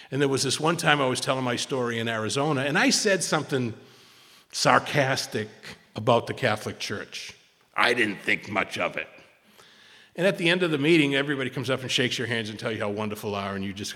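A man telling his personal recovery story to a meeting, animated and then hushed, with many restarts and repeated words. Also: mid-range voice, a little fast. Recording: long hall reverb.

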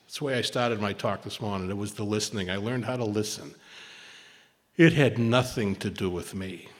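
A man telling his personal recovery story to a meeting, animated and then hushed, with many restarts and repeated words. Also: fairly low pitch, moderate pace. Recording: long hall reverb.

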